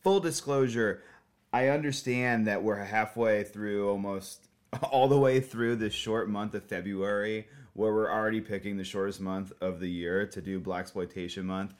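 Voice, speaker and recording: A man's voice: fairly low pitch, steady tone, moderate pace. A man co-hosting a film podcast, chatting casually, profane and rambling, laughing often. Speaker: podcast co-host.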